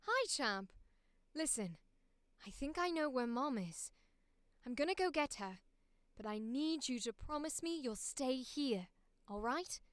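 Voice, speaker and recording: Actress as a heroic young swordswoman, high-pitched posh British voice, dry close read. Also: expressive, unhurried, long pauses, clear, resonant tone, no room sound. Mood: tender. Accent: put-on posh British. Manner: earnest, emotional line reads. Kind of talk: voice audition read.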